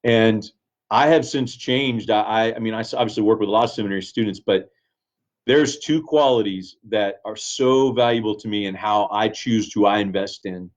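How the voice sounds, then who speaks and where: A man's voice: lowish voice, normal speed. A man, a pastor, telling stories in earnest, reflective conversation with many restarts. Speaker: pastor, guest. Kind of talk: casual conversation, storytelling.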